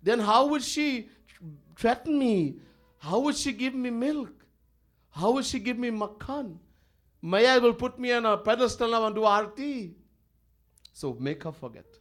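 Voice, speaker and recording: A man's voice: extremely high pitch, animated, unhurried, pauses often, pitched above the performer's own voice. A man voicing a mischievous little boy god who pleads and complains indignantly. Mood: scheming.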